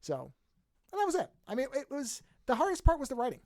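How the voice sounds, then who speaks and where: A man's voice: extremely high pitch, wildly swooping pitch, fast talker, a little mellow, no echo, studio quality. A man co-hosting a podcast, talking in a rambling, self-amused way with many restarts. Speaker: podcast co-host. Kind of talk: casual chat.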